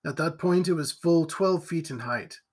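A man narrating a gothic novel as an audiobook in an expressive, theatrical reading. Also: on the high side, normal speed.

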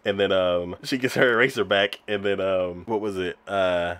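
A man's voice: sits low, fairly even intonation, moderate pace, a bit bright, smooth. A man casually recapping a show's scenes, with many fillers and frequent laughter. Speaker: podcast co-host reviewing anime. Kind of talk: casual chat.

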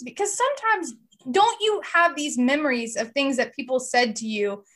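A woman co-hosting a casual podcast talks in a high, bright voice. She rambles in long turns and acts out what people said in her stories. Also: big pitch swings, moderate pace. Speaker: podcast co-host. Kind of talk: casual chat.

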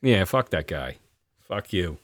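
A man's voice: low-pitched, very animated, slow pace, dry recording, studio quality. A man co-hosting a podcast in casual chat, ranting sarcastically and swearing a lot. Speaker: podcast co-host.

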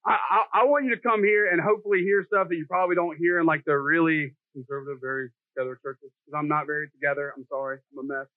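A man's voice: on the high side, steady tone, fast, hardly any pauses, dry recording. A middle-aged man preaching a sermon in a jokey, self-deprecating, conversational way. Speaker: pastor. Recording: dry, tinny phone-like sound.

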